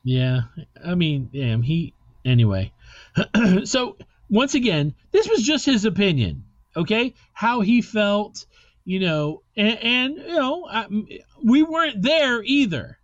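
A man's voice: high-pitched, very animated, slow, no echo, dull audio. A man hosting a rock podcast in loose, rambling casual chat, swearing now and then. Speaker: podcast host.

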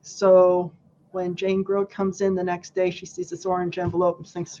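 A woman guest on a casual podcast, telling a story with animated, acted-out quotes. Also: medium pitch, normal speed, lo-fi sound, slight background noise.

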